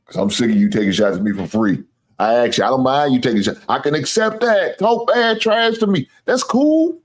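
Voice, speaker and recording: A medium-pitched male voice, animated and a bit quick, runs a sports show. His casual rant to viewers is full of trash talk, boasting and teasing, with free swearing and laughter at his own jokes.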